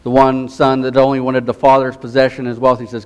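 A middle-aged male pastor delivering a sermon with earnest conviction. His voice sits at an ordinary pitch and often sinks into a quiet, tender hush to stress a point. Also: level tone, fairly quick, low-quality recording. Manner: earnest preaching, drops to a soft hush on key phrases.

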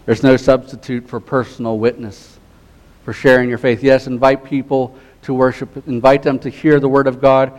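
A middle-aged male pastor delivering a sermon with earnest conviction. His voice sits at an ordinary pitch and often sinks into a quiet, tender hush to stress a point. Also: flat delivery, moderate pace, poor audio. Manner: earnest preaching, drops to a soft hush on key phrases.

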